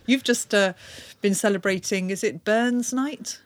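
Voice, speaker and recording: Female host, mid-pitched voice, curious, asks lots of questions. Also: soft background music. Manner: curious, laughs often, quick questions. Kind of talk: casual interview chat.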